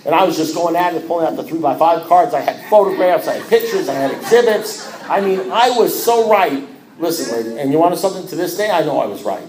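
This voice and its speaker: A man shares his recovery story in a lively, self-mocking way, stumbling and restarting his sentences as he goes. His voice sits a little high for a man. The room around him rings with echo. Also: fast talker. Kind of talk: personal testimony to a group.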